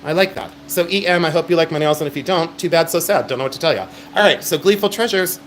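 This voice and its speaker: A man's voice: on the high side, fast, a bit bright, a little hiss or hum. A middle-aged man hosting a live-stream jewelry sale, with chatty, emphatic sales patter.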